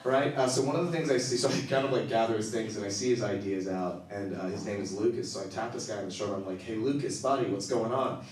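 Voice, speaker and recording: A man doing stand-up, telling a long story with animated acted-out quotes and bursts of laughter. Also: lowish voice, quick pace, hardly any pauses, background noise. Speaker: stand-up comedian. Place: comedy club stage. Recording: echoey room, from a distance.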